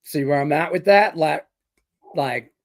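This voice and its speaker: A man's voice: fairly high pitch, a little slow. A middle-aged man from Detroit hosting a sports betting show, chatting casually and rambling through a profane story full of fillers. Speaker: sports betting podcast host. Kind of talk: casual chat with betting picks.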